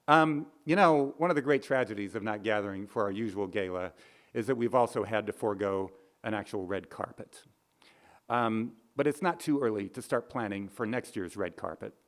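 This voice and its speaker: A man hosting an award show with comic, self-mocking, deadpan patter. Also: on the low side, moderate pace.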